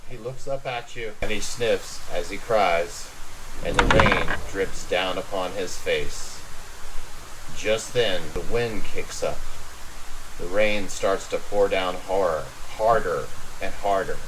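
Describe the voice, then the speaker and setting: A man's voice: low voice, slow, very noisy. A man acting as game master, setting scenes in a tabletop role-playing game with dramatic narration.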